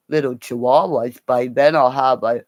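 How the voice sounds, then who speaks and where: Uma mulher com sotaque canadense numa transmissão ao vivo, falando deitada num celular, rindo e xingando, pulando de assunto em assunto. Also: female voice, a bass voice, takes it slowly, a little mellow, dry recording. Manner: giggly, swearing, jumps between topics and laughs often. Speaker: livestream host. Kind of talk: rambling livestream chat. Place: home, lying down. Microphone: phone held while lying down.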